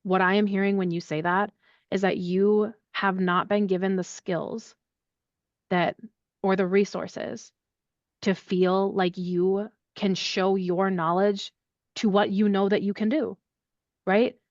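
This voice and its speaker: A woman guest on an interview podcast speaks in an animated, chatty way full of casual fillers. Her voice sits mid-range and is recorded dry, with no room sound. The audio is slightly dull and lo-fi. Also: mid-range voice, takes it slowly, no echo. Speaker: accessibility services head, podcast guest. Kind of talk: conversational interview answer.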